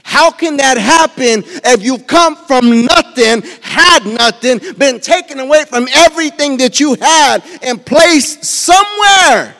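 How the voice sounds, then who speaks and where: A male preacher giving a fervent sermon, swinging from quiet asides to shouted peaks. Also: very high-pitched, measured pace, vocal fry, hardly any pauses, in a large hall.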